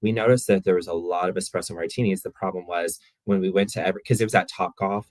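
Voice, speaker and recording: A man, a guest on a podcast, chatting casually and telling animated stories with playful impressions. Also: deep voice, quick pace, no echo. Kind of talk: casual chat.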